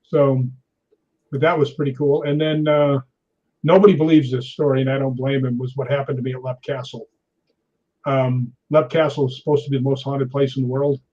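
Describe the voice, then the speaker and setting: A man in his sixties, a stunt performer, telling anecdotes in a lively way, laughing often and acting out other people's lines. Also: medium pitch, fairly quick. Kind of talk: anecdotal storytelling. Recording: dull lo-fi recording.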